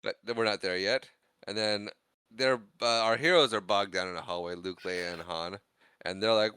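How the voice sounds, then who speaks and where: A man co-hosting a casual movie podcast, recapping scenes and acting out the characters' lines in an animated way. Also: fairly low pitch, moderate pace, clear, resonant tone, dry recording. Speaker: podcast co-host.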